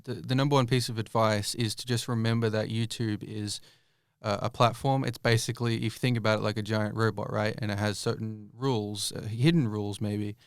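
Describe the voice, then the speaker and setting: A man's voice: on the low side, fairly even intonation, fairly quick, clean tone, no echo, studio quality. A young man answering interview questions casually, rambling with many fillers and restarts. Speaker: YouTube creator guest.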